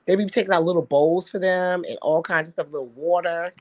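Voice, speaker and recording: A woman's voice: fairly low pitch, fairly even intonation, brisk, a little mellow, no room sound. A young adult woman co-hosting a radio talk show in casual chat, who talks in an emphatic, incredulous way and keeps pressing her questions.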